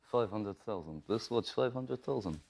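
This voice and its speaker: A boastful, gruff father figure in a Russian accent, as a man puts him on. He speaks broken English in low, hushed tones and repeats himself as he shows off. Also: animated, normal speed, full character voice.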